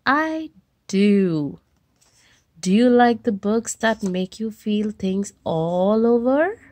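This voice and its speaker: A woman voicing an eager little storybook pig, talking in bouncy, drawn-out lines. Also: mid-range voice, animated, darkish tone, no echo.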